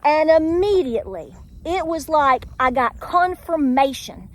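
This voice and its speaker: A woman's voice: sits high, animated, a little slow. A middle-aged woman with a Tennessee accent, talking in a casual vlog with earnest, preachy encouragement. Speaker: homestead vlogger. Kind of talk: casual faith-filled vlog talk.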